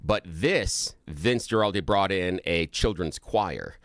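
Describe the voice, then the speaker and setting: Deep-voiced, animated male radio co-host. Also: slow pace, no room sound, studio quality. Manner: animated storyteller who laughs at his own anecdotes. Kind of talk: casual talk radio chat. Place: radio studio. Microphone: studio microphone.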